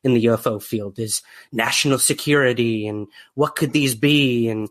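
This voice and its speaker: A man's voice: mid-range voice, moderate pace. A man hosting a podcast interview, friendly, with lots of fillers and restarts as he reads out listener questions. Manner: friendly, hesitant with many fillers. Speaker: podcast host.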